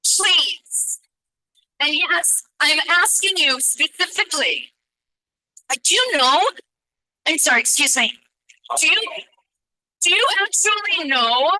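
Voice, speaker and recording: A woman's voice: high voice, expressive, takes it slowly, pauses often, bright, forceful tone, dry recording, low-quality recording. A woman giving public comment as a parent at a meeting, speaking urgently and confrontationally into a meeting microphone. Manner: urgent, confrontational, pointed questions. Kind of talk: impassioned public testimony.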